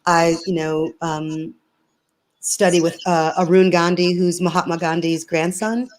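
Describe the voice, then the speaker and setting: A woman's voice: fairly low pitch, fairly even intonation, unhurried, slight background noise, poor audio. Earnest woman telling a personal story. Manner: earnest, storytelling, many restarts. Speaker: interview guest, singer. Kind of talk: casual conversation.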